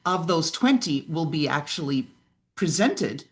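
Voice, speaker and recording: A woman speaking as a podcast guest and business mentor, telling lively stories, acting out quoted voices and often asking "right?". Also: low-pitched, measured pace. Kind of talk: animated interview conversation.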